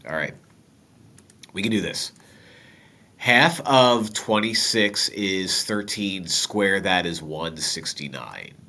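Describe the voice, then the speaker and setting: A man's voice: deep voice, takes it slowly. A man with a nasal voice and a head cold, walking through a math lesson step by step and dropping jokes to the viewers. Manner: relaxed, joking asides to viewers. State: stuffy with a cold. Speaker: math teacher.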